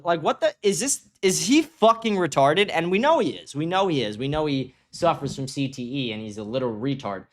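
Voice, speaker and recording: A man's voice: on the high side, animated, a little fast, hardly any pauses. A man hosting a commentary show, reacting to clips and ranting profanely with mocking asides. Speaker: host.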